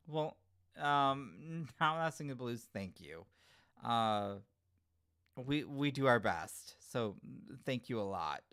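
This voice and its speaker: A man hosting a casual livestream, answering chat comments in an animated, giggly way. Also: mid-range voice, clear, resonant tone. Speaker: livestream host reading chat.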